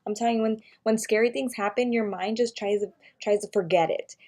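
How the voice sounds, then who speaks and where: A woman's voice: on the high side, brisk. Chatty young woman telling a storytime. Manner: animated retelling, many "like" fillers, acted-out quotes. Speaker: vlogger. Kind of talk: storytime vlog.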